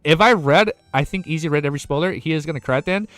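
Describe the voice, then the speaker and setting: A young man streaming live and chatting casually with his viewers. He rambles excitedly, swears, laughs often and says he is overwhelmed and lightheaded. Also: a little high, very fast, dry recording, faint music behind. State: overexcited and lightheaded. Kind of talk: excited casual livestream chat.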